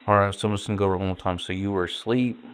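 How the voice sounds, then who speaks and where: A man working as a detective, asking questions in a calm, methodical police interview. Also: fairly low pitch, rapid-fire, clean tone.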